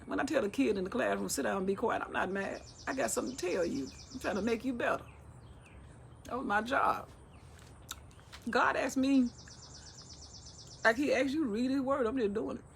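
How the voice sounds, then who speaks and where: A woman's voice: medium pitch, brisk, gravelly, pauses often, a little hiss or hum. A middle-aged woman reading and explaining the Bible in a casual, talkative way, retelling the scripture in everyday speech. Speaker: Bible teacher.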